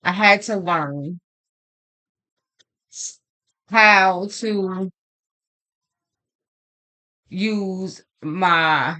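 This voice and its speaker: Speaking with a lowish voice, drawn-out words and frequent pauses, an astrology and tarot reader delivers a casual monologue. She tells rambling, profane, animated stories, acting out both sides of past arguments with emphasis.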